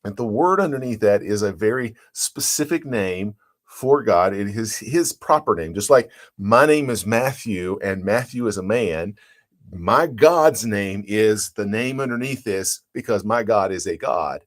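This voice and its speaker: A man's voice: fairly low pitch, animated, unhurried. A man as pastor, giving a devotional sermon in an earnest, plain-spoken way, reading scripture and explaining it verse by verse.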